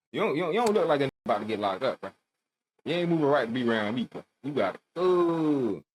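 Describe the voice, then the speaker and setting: A man's voice: mid-range voice, sing-song, fast talker. A man hosting a reaction video, chatting casually in heavy slang with bursts of disbelief.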